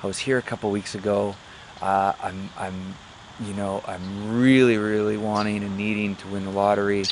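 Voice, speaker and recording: A man's voice: lowish voice, level tone, normal speed, slight background noise, close to an everyday voice. A man playing a desperate poor man pleading. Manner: pleading, repetitive begging.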